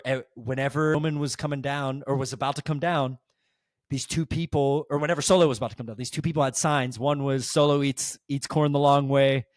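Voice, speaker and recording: A man's voice: mid-range voice, no room sound. Give me a man chatting on a podcast, telling a rambling story with lots of fillers, recorded dry. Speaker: podcast guest. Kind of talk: casual podcast chat.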